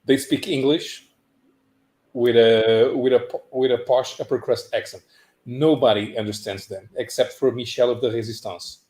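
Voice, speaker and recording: A man's voice: medium pitch, steady tone, moderate pace, a little mellow. Man explaining at length, echoey room. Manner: long explanations with many restarts. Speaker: podcast panelist. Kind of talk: casual chat.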